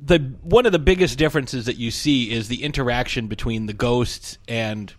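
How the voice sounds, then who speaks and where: A man chatting casually about a movie, acting out lines from scenes in quick impressions. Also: medium pitch.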